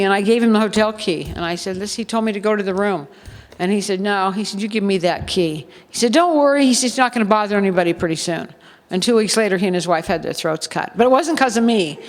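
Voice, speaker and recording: A woman's voice: medium pitch, quick pace. An older woman and former showgirl telling blunt stories at a seminar, laughing often and acting out quoted voices. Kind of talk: storytelling at a seminar. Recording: reverberant hall.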